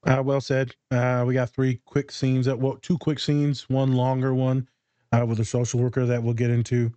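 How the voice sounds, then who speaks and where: Male therapist co-host, mid-pitched, dry close mic, teasing and chatty. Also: flat delivery, normal speed, dark tone, clean tone, dry recording. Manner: playful, teasing, chatty with fillers. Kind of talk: casual podcast chat.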